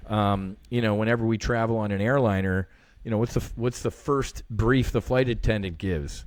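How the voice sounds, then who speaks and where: A man's voice: on the low side, sing-song, moderate pace, darkish tone, no echo. A middle-aged man guest talking earnestly in a casual interview, swearing freely and acting out conversations.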